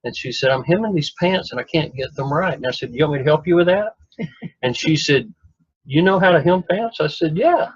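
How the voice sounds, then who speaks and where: A man with a husky, slightly rough voice tells a rambling, folksy story full of self-deprecating jokes. The recording is dry and a bit dull, like a lo-fi conversation capture. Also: a little high, a little fast, no room sound. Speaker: guest telling his story. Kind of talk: casual storytelling.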